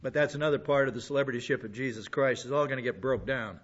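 A man's voice: medium pitch, quick pace, muffled recording. A man preaching as a pastor teacher, blunt and conversational, often restarting his sentences. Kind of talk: sermon.

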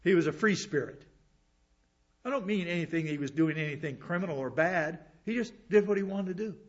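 A man's voice: fairly high pitch, a little fast. A man preaching a sermon, reading scripture and explaining it verse by verse with plain asides. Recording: dull lo-fi sound.

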